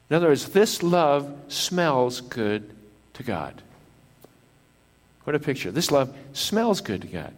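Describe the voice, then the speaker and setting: A man preaching a sermon as pastor, repeating key lines for emphasis and putting questions to the congregation. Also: medium pitch. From Japan. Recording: long hall reverb.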